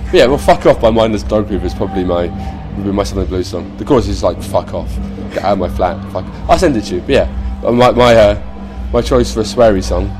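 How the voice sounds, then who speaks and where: Relaxed musician guest. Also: male voice, on the low side, over music. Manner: relaxed, halting, swears casually. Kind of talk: casual interview chat.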